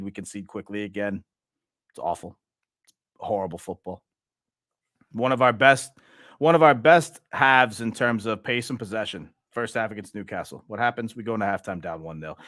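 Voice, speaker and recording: A man's voice: medium pitch, fairly bright tone, no room sound, clean studio sound. A young man from Louisiana hosting a fan channel, venting in an exasperated, repetitive way about his football team. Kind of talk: frustrated football fan monologue.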